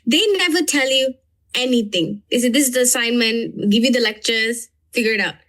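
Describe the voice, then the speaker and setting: Chatty young woman, fairly high voice. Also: fairly quick, fairly bright tone. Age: young adult. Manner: chatty, uses many fillers. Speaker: co-host. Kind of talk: casual chat.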